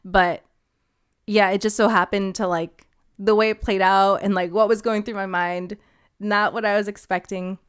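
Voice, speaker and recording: A young woman co-hosting a podcast, telling a story in casual chat, animated and laughing often. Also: medium pitch, normal speed, clear, resonant tone. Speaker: podcast co-host.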